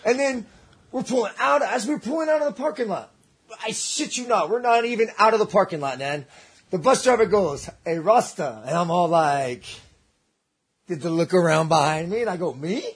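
A man telling a story in casual chat, animated and swearing, acting out voices. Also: high voice, normal speed, breathy edge. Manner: animated, swearing, acts out voices in his stories.

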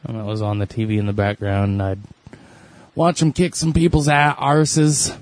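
A man's voice: lowish voice, little pitch movement, moderate pace, dry recording. A man chatting casually with a friend, telling rambling stories in a laid-back way. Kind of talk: casual chat.

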